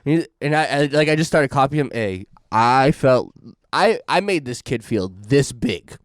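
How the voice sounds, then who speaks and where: A man's voice: medium pitch, animated, normal speed, no room sound, clean studio sound. A young man co-hosting a podcast, telling a long story in casual chat, rambling with lots of fillers and laughing as he goes. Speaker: podcast co-host.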